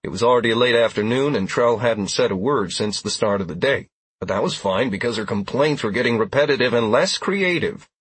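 A man narrating a first-person audiobook in an even, steady storytelling manner. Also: mid-range voice, a little fast, husky, no echo.

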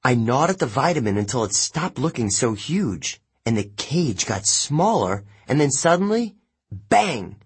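A man narrating an audiobook in the first person, expressive and unhurried. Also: medium pitch, breathy edge.

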